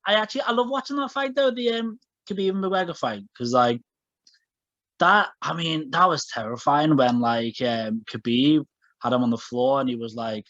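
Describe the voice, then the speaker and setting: Fillers and restarts fill the rambling casual chat of this male podcast co-host, whose voice is a little high and a bit bright. He keeps a moderate pace on a dry recording of dull lo-fi podcast audio.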